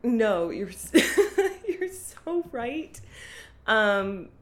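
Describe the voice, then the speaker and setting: A woman's voice: fairly high pitch, big pitch swings, extremely slow. A woman co-hosting a podcast, chatting casually with giggly, playful teasing. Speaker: podcast co-host. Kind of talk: casual recap chat.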